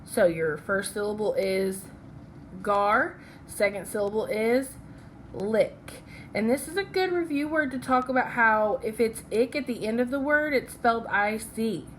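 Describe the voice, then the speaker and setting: A woman's voice: fairly high pitch, moderate pace, hardly any pauses, slight background noise. A woman teaching a phonics lesson from slides. She is patient and checks in with "okay?" after each step.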